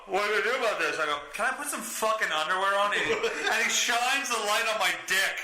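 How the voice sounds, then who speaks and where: Animated swearing man, echoey room. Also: high-pitched, fast. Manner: animated, swears constantly, laughs through his story. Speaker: podcast host. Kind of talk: crude casual storytelling.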